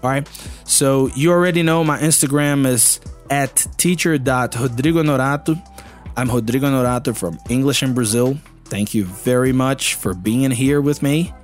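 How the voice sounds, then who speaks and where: A man's voice: mid-range voice, moderate pace, faint music behind. Chatty male English teacher. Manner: chatty, enthusiastic, many "you know" fillers. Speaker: English teacher and podcast host. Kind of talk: casual teaching monologue.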